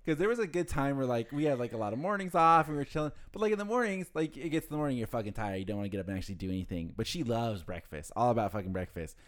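A young man in casual chat, telling an animated story and swearing freely. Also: medium pitch, racing, few pauses.

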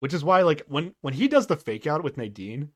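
A man's voice: on the high side, sing-song, fairly quick. A young man co-hosting a podcast, chatting casually about a TV show, laughing often and hedging as he talks. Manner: laughs often, hedges with "like" and "I don't know". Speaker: podcast co-host. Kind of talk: casual recap chat.

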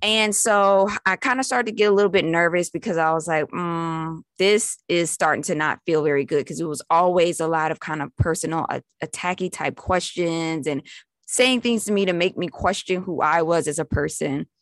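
A woman's voice: fairly low pitch, normal speed, no room sound. A young adult woman telling a story in a casual, chatty way, full of fillers and acted-out quotes.

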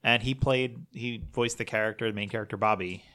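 A podcast co-host speaking in a quiet, measured way. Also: medium pitch, steady tone. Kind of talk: casual chat.

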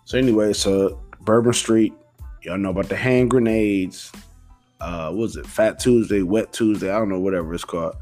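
Low-voiced man rambling casually. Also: normal speed, a little mellow, soft background music. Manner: rambling, profane, slangy, laid-back. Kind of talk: casual storytelling monologue.

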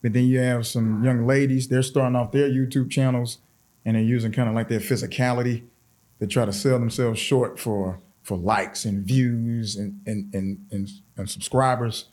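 A man's voice: medium pitch, fairly even intonation, normal speed, a little mellow. Earnest, encouraging man as podcast guest. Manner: earnest and encouraging, emphatic repetition. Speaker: podcast guest, fraternity chapter president. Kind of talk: casual interview chat.

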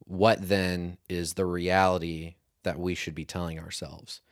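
Man, very low voice, measured reflective talk, faith podcast, dry sound. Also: little pitch movement, no room sound. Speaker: podcast co-host. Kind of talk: casual faith discussion.

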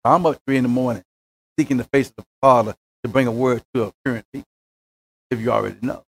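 A man preaching a sermon as pastor, rising into shouts and then dropping to near hushes. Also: medium pitch, fairly even intonation, fast talker, creaky. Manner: preaching with rising shouts and sudden quiet drops.

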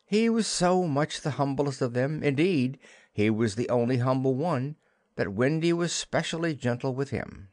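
A man narrating a classic children's novel as an audiobook, in an expressive storytelling manner. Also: medium pitch, normal speed, dry recording, clean studio sound.

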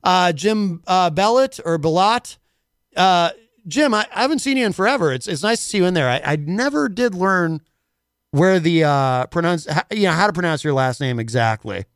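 A man's voice: high-pitched, expressive, moderate pace, fairly bright tone, clear, resonant tone, no room sound, studio quality. A man hosting a casual talk radio show, rambling and full of filler words.

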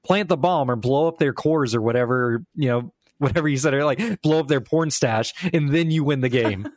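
A man's voice: mid-range voice, normal speed, dry recording, clean studio sound. A man co-hosting a gaming podcast, telling stories in casual chat and acting out quotes. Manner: animated storytelling, acts out quotes. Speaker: podcast co-host.

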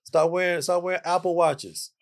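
A man's voice: sits high, fairly even intonation, moderate pace, vocal fry. Playful lecturing man, AAVE speech. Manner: playful lecturing, repeats phrases for emphasis. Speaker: podcast guest, jazz musician. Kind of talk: casual podcast chat.

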